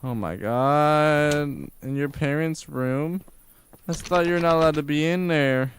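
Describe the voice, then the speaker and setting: A man's voice: on the high side, steady tone, normal speed, slight background noise. A man streaming a game live, reacting casually with jokes, swearing, laughter and sudden cries of surprise. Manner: joking, swearing, laughing aloud, outbursts of surprise. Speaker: livestreamer.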